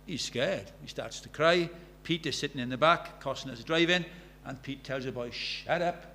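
A man's voice: mid-range voice, normal speed, bright, forceful tone, slight background noise. A man in his sixties preaching a sermon in an earnest way, telling stories and building to fervent emphasis. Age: 60s. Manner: earnest, rising to fervent emphasis, storytelling asides.

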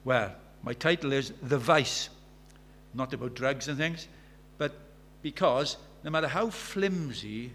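A man in his sixties preaches a sermon earnestly, weaving in storytelling asides and building to fervent emphasis. His voice is mid-range with a fairly bright tone, and there's a little hiss or hum in the audio.

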